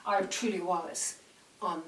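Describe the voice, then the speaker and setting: Slow-talking woman teaching piano. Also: on the low side, fairly even intonation, a bit bright, a little hiss or hum. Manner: counts beats aloud while playing, enthusiastic. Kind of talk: piano lesson demonstration. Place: room with a piano. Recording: roomy, mic at a distance, piano playing.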